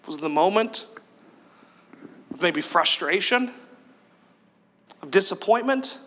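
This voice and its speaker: A male pastor delivering a sermon in a high, bright, ringing voice. He is animated and acts out the voices of Bible figures. At times he rises to a shout. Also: takes it slowly, slight background noise.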